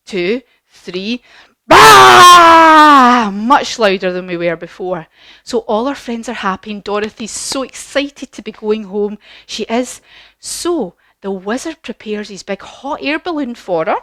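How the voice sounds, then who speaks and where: A woman leads a children's yoga class by telling a story. She speaks in an encouraging, sing-song way at a mid pitch, and the sound is dry and close. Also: a little slow, no echo. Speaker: kids yoga teacher.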